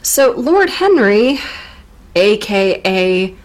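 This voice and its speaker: Lively, teasing woman podcast co-host. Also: medium pitch, extremely slow, noisy background. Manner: playful, teasing, deadpan jokes. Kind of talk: casual literary recap chat.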